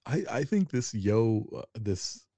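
Low, mellow laid-back podcast guy. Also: very animated, takes it slowly, no room sound. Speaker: podcast co-host. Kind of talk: casual podcast chat.

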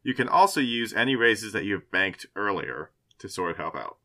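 Bright-voiced man running a tabletop game. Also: lowish voice, very animated, normal speed. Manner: hesitant, full of fillers and laughs. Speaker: game master.

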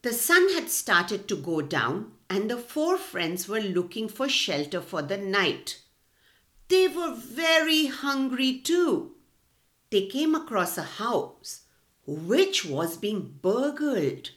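A woman reads a fairy tale aloud to children, taking her time over each phrase. Her voice sits fairly high and swings widely in pitch, keeping the telling expressive and clear. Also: slow pace. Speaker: storyteller. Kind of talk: reading a storybook aloud to children.

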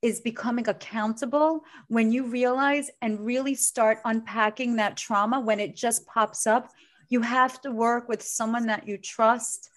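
A woman coach with a somewhat high voice speaks in an earnest, heartfelt way. She talks openly and with emotion in a warm-hearted conversation. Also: fairly even intonation, unhurried.

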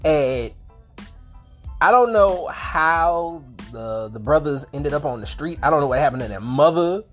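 A woman's voice: low-pitched, lively intonation, unhurried, faint music behind. A woman with a sore throat giving a rambling, casual movie review, swearing freely and restarting her sentences.

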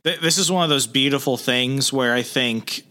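A man's voice: mid-range voice, moderate pace, sharp tone. A man in a casual podcast discussion, giving his thoughts in long, reflective, winding sentences.

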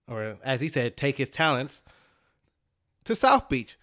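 A man's voice: medium pitch, a little slow. A man from Dallas co-hosting a podcast, ranting emphatically in casual chat. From Dallas, Texas. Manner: animated, emphatic ranting with laughter. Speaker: podcast co-host.

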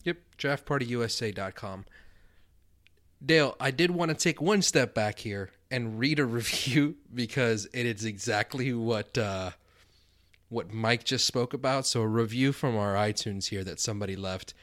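A man's voice: mid-range voice, moderate pace, a bit bright. A man hosting a fantasy football podcast with an easy, upbeat manner. His voice sits in a middle range. He laughs often and keeps things light. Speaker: podcast co-host. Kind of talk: casual podcast chat.

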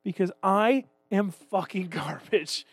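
A man's voice: sits high, takes it slowly, breathy edge, no room sound. A man in his thirties, a podcast co-host talking casually, self-deprecating and swearing a lot. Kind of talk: casual chat.

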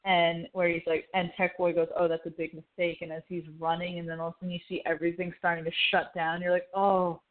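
A woman with a slightly low voice, excitedly retelling scenes from a show in casual chat. She slips into the characters' lines as she goes. The sound is thin and narrow, like a phone line. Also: fast, hardly any pauses. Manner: animated retelling, acts out quoted lines.

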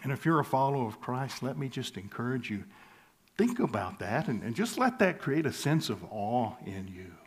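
A pastor from the States, preaching an expository sermon in an earnest, emphatic way, slowing to hushed pauses and soft chuckles. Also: male voice, mid-range voice, sing-song. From southern United States.

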